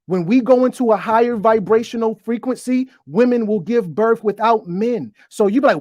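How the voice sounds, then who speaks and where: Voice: medium pitch, moderate pace, hardly any pauses, a little mellow, dry recording, studio quality. A host giving a profane, preachy monologue to viewers, stuttering as they go, talking into a desk microphone. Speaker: online show host. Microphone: desk microphone, bumped while talking.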